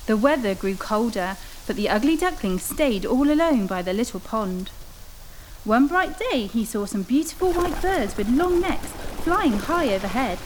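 A woman hosting a children's story show, reading a storybook aloud in an expressive, animated way. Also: on the high side, normal speed, a little hiss or hum. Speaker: children's story reader, host.

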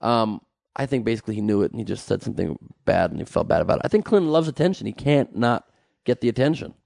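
A man co-hosting a casual chat show, riffing and joking in rapid bursts. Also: on the low side, expressive, vocal fry, darkish tone, no room sound. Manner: riffing, jokey, rapid rants. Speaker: podcast co-host.

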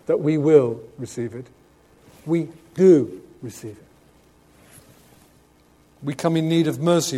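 A man preaching a sermon, stressing key words loudly, then dropping to quiet asides and asking the congregation questions. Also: medium pitch. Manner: emphatic, swings between loud urgent stress and quiet asides.

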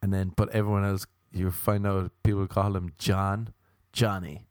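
A man's voice: low voice, level tone, normal speed, darkish tone, dry recording. A man doing a casual comic monologue, rambling, profane and self-mocking.

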